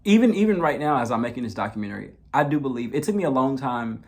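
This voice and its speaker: A man's voice: mid-range voice, expressive, fast talker. A man telling his own true story in a documentary, speaking earnestly and often repeating words and restarting when emotional. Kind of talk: personal true-crime storytelling.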